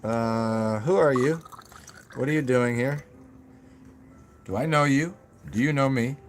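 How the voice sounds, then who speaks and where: A man hosting his own channel, talking through thoughts in a loose live chat, halting with fillers and restarts and tossing in goofy self-mocking asides. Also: medium pitch, slight background noise. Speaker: channel host. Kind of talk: rambling live chat with viewers.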